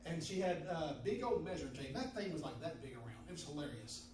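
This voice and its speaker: A sweating male preacher with a high voice, telling his testimony with fervor and repeating his phrases as he builds to shouts. He sounds distant from the mic inside a big echoing hall, with steady noise underneath. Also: quick pace. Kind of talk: sermon with personal testimony. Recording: echoey hall from far off with background noise.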